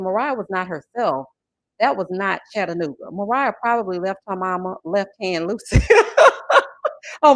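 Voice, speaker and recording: A woman, chatting on a livestream about reality TV and reading viewer messages in a sassy, animated way. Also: medium pitch, dry recording. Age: 40s. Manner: sassy, animated, calls viewers honey and child. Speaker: YouTube reality-TV reviewer. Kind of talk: casual livestream chat reading super chats.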